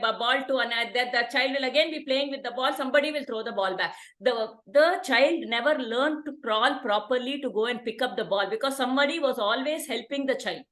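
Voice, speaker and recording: Woman, Indian English accent, middle-aged, reflective, echoey room. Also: high-pitched. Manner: calm, reflective, repeats words for emphasis. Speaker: parenting workshop facilitator. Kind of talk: reflective conversational talk.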